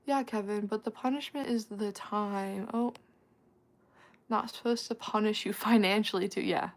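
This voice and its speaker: A woman hosting a casual livestream, chatting with her viewers, laughing often and tossing out quick asides. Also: mid-range voice, fairly even intonation. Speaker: livestream host answering chat.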